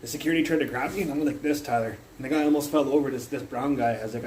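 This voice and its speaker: A man's voice: on the high side, lively intonation, very fast, hardly any pauses, mellow, slight background noise, poor audio. A young man livestreaming from his phone, telling a long rambling story full of curses, fillers and restarts. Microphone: phone mic.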